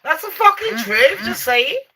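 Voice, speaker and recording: A young woman telling a ghost story to her live chat, loud and sweary, laughing and shrieking as she goes. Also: very high-pitched, very animated, normal speed, creaky, slight background noise. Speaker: live stream host.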